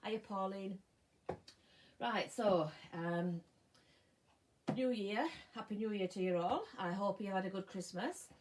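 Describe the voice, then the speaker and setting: A woman's voice: mid-range voice, slow pace, pauses often, darkish tone, a little hiss or hum, low-quality recording. A middle-aged English woman hosting a live sewing stream, chatting casually, greeting viewers by name and sometimes losing her words, sounding tired. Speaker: sewing channel host. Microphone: phone or camera mic.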